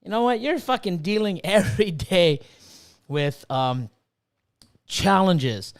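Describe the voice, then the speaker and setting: A man's voice: sits high, slow. A man in his fifties ranting casually on a livestream, swearing freely and reading viewers' chat aloud. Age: 50s. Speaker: livestream host and snake breeder.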